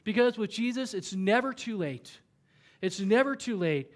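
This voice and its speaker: A man with a high, light voice preaches a sermon in a church. He talks to the congregation in a conversational way and briefly acts out the voices of the people in the story. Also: expressive, moderate pace. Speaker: pastor.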